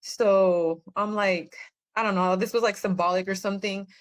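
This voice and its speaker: A woman's voice: mid-range voice, steady tone, moderate pace. Earnest woman telling a personal story. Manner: earnest, rambling storytelling with many fillers. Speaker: podcast guest. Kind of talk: personal testimony in conversation.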